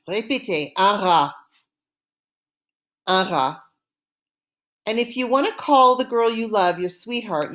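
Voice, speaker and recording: A woman teaching French vocabulary, saying each word clearly and repeating it for students to copy. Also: mid-range voice, a bit bright. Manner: slow, deliberate, repeating words for students. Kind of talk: language lesson drills.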